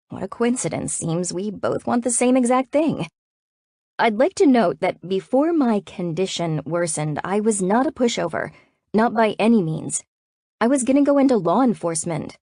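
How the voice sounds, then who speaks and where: A woman narrating a first-person romance audiobook in an expressive way that rises to tense urgency. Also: mid-range voice, moderate pace, dry recording, studio quality. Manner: expressive, rising to tense urgency in anxious passages.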